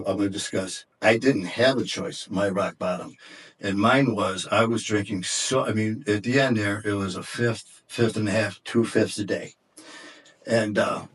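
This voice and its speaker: A middle-aged man with a fairly low voice, a podcast guest from Detroit. He recounts his own story candidly, pausing and restarting often. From Detroit, USA. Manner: candid, halting, many fillers and restarts. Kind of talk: personal storytelling in an interview.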